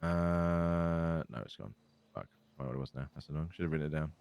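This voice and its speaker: A man's voice: rumbling low, fairly quick, creaky, darkish tone, clean tone. A tired man rambling and swearing in casual in-character chat while roleplaying in an online crime game.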